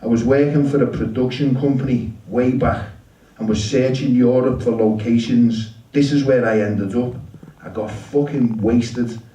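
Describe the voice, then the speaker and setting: A man's voice: medium pitch, steady tone, unhurried, dark tone, lightly acted. A man voicing an overfriendly middle-aged American who is sober for years, talking in a raised, familiar, upbeat way. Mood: earnest. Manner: upbeat, familiar, calls people buddy and dude. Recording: roomy shop, mic at a distance.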